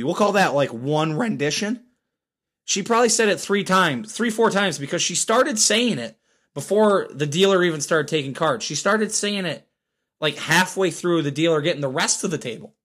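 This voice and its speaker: A man hosting a casual solo podcast, hoarse from screaming, telling stories with lots of laughter. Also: a little high, moderate pace. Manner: animated storyteller, laughs often. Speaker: podcast host.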